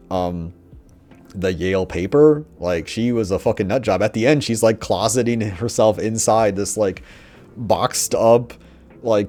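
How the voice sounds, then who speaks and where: A young man giving rambling, profane, mocking commentary, often putting on quick voices of characters. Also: on the low side, warm tone. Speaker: commentator on a TV show. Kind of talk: casual ranting commentary.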